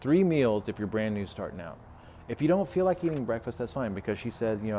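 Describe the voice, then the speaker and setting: Man, lowish voice, health coach, casual podcast chat, lots of fillers, faint hiss behind. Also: sing-song, a little fast, mellow. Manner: conversational, retelling client talks with many fillers.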